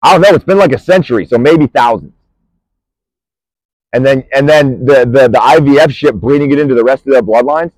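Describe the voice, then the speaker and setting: A man delivering a furious, profane, threatening rant outdoors on a busy street, swinging between shouting and low muttering. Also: a little fast, no echo, low-quality recording. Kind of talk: angry direct-to-camera rant.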